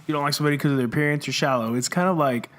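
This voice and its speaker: A woman's voice: low-pitched, racing. A woman on a podcast, joking and teasing, laughing often. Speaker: podcast co-host. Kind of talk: casual chat.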